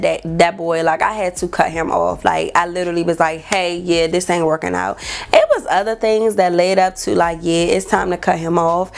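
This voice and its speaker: Young woman, storytime vlog, gravelly voice, animated. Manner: animated storyteller acting out quotes in a high voice. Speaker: vlogger.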